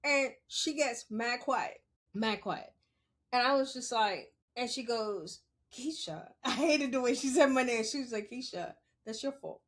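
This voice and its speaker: A woman telling a personal story on a podcast in a casual, animated way, swearing freely and laughing as she goes. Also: fairly high pitch, measured pace. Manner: animated, profane, laughs while she talks.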